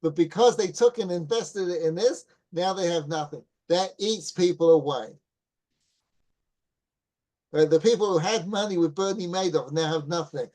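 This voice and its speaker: At a moderate pace, a middle-aged rabbi with a fairly high, mellow voice shares a story in Torah class. His telling is loose, warm and conversational, full of restarted phrases and repeated "right?" checks with the audience.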